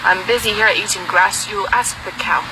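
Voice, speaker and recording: A woman's voice: mid-range voice, fairly even intonation, normal speed, lightly acted. Fable goat, male, brusque and uncaring, voiced by a woman storyteller, street noise. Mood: dismissive. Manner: brushing off, curt. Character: a dismissive male goat, busy grazing.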